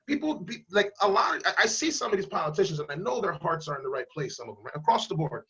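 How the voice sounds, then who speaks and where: A man's voice: sits high, big pitch swings, fast, bright, forceful tone, husky, highs cut off. A man running for Congress who speaks emphatically and bluntly in a casual interview over a video call. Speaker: congressional candidate.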